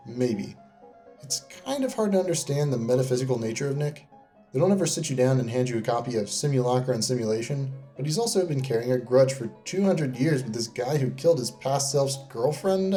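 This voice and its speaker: A man's voice: mid-range voice, dark tone. Wry, sarcastic man narrating. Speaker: video creator reviewing game companions. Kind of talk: comedic scripted narration.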